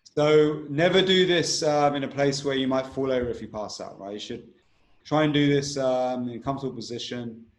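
A man's voice: medium pitch, moderate pace, roomy sound, a little hiss or hum. A man teaching a breathing technique in an interview, instructive and repetitive, often checking in with "right?".

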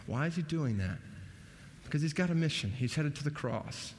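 A man preaching a sermon, animated, his voice rising emphatically on key points. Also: medium pitch, a little fast. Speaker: pastor. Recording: long hall reverb.

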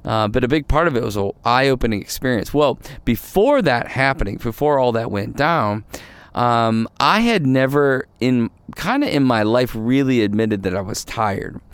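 A male pastor hosting a devotional podcast, talking gently and reflectively, often repeating phrases, recorded outdoors at night. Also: medium pitch, animated, moderate pace, clean tone, dry recording. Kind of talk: casual devotional podcast talk.

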